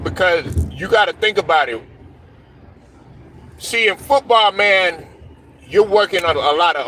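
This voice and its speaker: A man's voice: mid-range voice, sharp tone, slight background noise. A young man hosting a casual sports talk show, telling stories loosely with slang, cursing and laughs.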